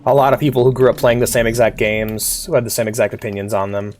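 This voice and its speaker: A streamer with a cough, chatting casually over live gameplay and shouting at the little on-screen character. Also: medium pitch, fast, a little hiss or hum. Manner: animated, yelps and shouts at the game character. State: sick, coughing. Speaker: VTuber game streamer.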